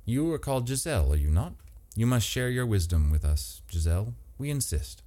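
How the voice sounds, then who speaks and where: A man voicing a calm, coolly formal, uncanny male stranger in an audiobook, soft-spoken and precise. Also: mid-range voice, brisk, pitched above the performer's own voice, lightly acted.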